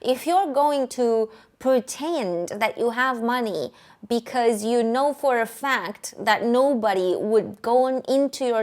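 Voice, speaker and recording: A woman's voice: fairly high pitch, darkish tone. A woman hosting a commentary video, opinionated and openly skeptical, laughing at how worked up she gets. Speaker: host. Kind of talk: casual commentary.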